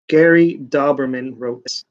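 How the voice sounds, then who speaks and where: A man recapping comic stories in a casual, mocking way, with deadpan asides as he rambles. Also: medium pitch, highs cut off. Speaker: comic book reviewer.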